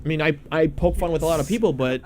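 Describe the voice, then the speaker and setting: A man's voice: fairly high pitch, quick pace, a little mellow. A man co-hosting a let's play, chatting in a teasing, rambling, sometimes sarcastic way while he plays. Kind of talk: casual gaming commentary.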